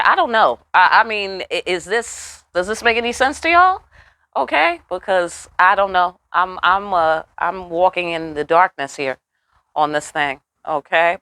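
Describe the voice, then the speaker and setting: A woman giving a casual tarot reading, animated and profane with chatty asides. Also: lowish voice, no room sound. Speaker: tarot reader.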